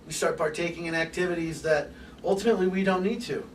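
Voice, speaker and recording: A man giving an open forum lecture to a live group, animated and casual, swearing now and then and acting out little scenes. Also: a little high, quick pace, roomy sound. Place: room with an audience. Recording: distant mic with background hiss.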